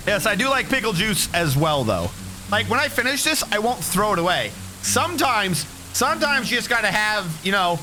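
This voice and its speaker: A male streamer with a high voice talks through his game in a loose, rambling way. He swears freely and pokes fun at himself, sounding a little hoarse. Music plays clearly behind him. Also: big pitch swings, moderate pace, bright, forceful tone. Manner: rambling, profane, self-mocking. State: slightly hoarse after choking. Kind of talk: casual let's-play chat.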